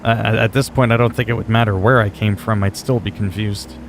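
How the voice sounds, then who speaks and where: A man's voice: on the low side, steady tone, fairly quick, a little hiss or hum. A man streaming a game live, chatting casually as he plays, answering his chat with wry asides and the odd curse. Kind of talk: casual live gameplay commentary.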